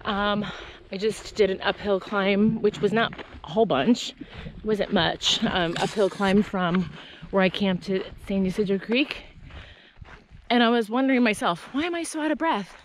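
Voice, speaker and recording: A middle-aged woman talking to the camera on a long hike, chatty and excitable, telling stories as she walks. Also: medium pitch, unhurried. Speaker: long-distance hiker vlogger. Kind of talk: casual trail vlog. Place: outdoors on a desert trail. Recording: outdoor noise behind the voice.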